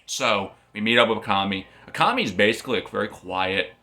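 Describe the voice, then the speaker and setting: A man's voice: fairly low pitch, lively intonation, brisk, sharp tone. A man casually recapping a manga story, rambling and often repeating and restarting phrases. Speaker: manga reviewer.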